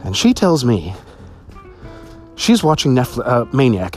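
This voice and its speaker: A man telling stories on his solo podcast, swearing freely, laughing often and jumping to a high voice when excited. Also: unhurried, long pauses, faint music behind. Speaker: podcast host. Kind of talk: casual solo podcast storytelling.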